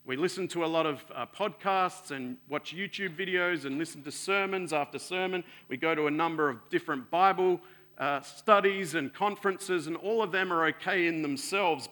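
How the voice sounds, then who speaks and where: A man preaching a sermon in an earnest way, swelling louder and then sinking soft and low. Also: moderate pace.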